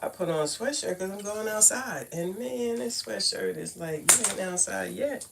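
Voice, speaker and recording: A woman's voice: medium pitch, animated, normal speed, vocal fry, a little hiss or hum. An older woman from Brooklyn with a Brooklyn accent, chatting casually to viewers as she reads cards on a live stream at home. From Brooklyn, New York. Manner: chatty, talks straight to viewers with "y'all" and "fam". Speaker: card reader live-streaming. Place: at home, indoors.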